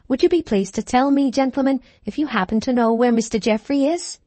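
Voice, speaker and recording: A woman's voice: high voice, fairly quick, warm tone, dry recording, voice pushed up. A woman voicing a polite male groom in a storybook reading, speaking deferentially and apologetically.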